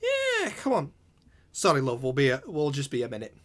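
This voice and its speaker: A man voicing a sharp, foul-mouthed old woman con artist. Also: medium pitch, no room sound, lightly acted. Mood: chummy. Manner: swearing, brash, fast-talking.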